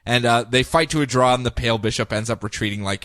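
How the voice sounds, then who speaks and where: A man co-hosting a podcast, recapping comic books in a casual, animated way and laughing often. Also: mid-range voice, no echo, studio quality. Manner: animated, laughing, puts on quick voices for characters. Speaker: podcast co-host.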